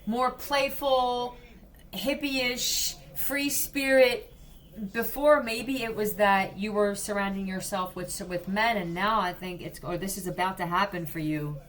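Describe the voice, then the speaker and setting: A woman's voice: medium pitch, fairly even intonation, normal speed, hardly any pauses, fairly bright tone, slight background noise. A woman giving a blunt, profane psychic reading, talking straight to the viewer in a casual way. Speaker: psychic reader.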